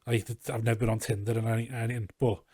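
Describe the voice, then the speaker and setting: Talking fast with a flat delivery, a Scouse comedian from Liverpool, England, tells rambling, sweary stories as a guest on a casual podcast set in a garage, acting out what people said. His mid-range voice is warm with a breathy edge. It's studio quality, with no echo.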